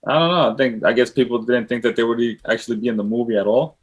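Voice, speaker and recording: A man's voice: mid-range voice, steady tone, quick pace, breathy edge. A man in casual chat who asks questions thoughtfully.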